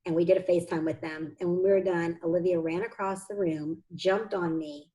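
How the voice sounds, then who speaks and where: As an interview guest, an adoptive mother and foundation founder tells her adoption story conversationally, heartfelt, earnest and close to tears. Her fairly low, steady, warm voice moves a little fast over poor audio.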